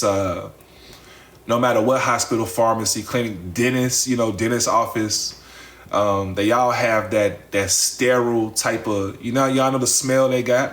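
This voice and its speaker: In a mid-range voice, a man casually tells his followers a personal story, speaking straight to them, repeating phrases and swearing freely.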